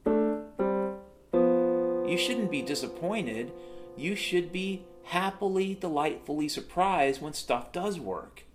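A man's voice: fairly high pitch, animated, takes it slowly, long pauses, music in the background. A man delivering a sarcastic, profane monologue rant, telling stories and complaining as a show host.

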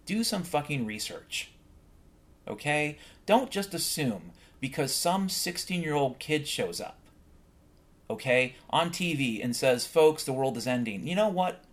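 A man's voice: fairly high pitch, animated, unhurried. A man hosting a solo podcast, ranting bluntly and swearing often in a heated monologue. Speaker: podcast host.

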